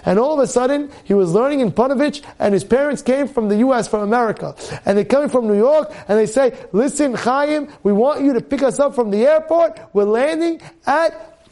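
A man, a rabbi, delivering an impassioned sermon, repeating phrases and breaking into shouted exhortations. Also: very high-pitched, a little fast.

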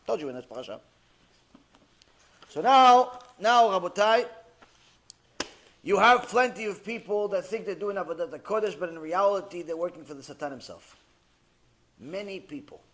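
A man teaching a religious class as a sermon, telling stories with energy, swinging from loud bursts to hushed asides. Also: sits high, normal speed, long pauses. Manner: animated storyteller, acting out characters, swings from loud to hushed.

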